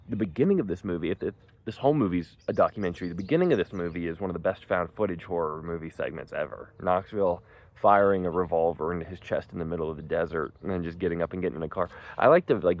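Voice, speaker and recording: Deep gravelly young man rambling casually. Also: fast talker, highs cut off. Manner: rambling, enthusiastic, lots of "like" and "um", swears freely. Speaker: movie reviewer. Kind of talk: casual spoken film review.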